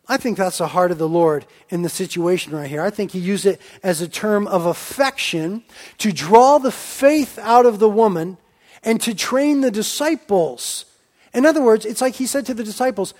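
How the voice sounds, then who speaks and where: A man preaching a sermon with a voice pitched higher than most men's. He explains patiently and reflectively. He often drops into a quieter, softer register to make a point. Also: normal speed.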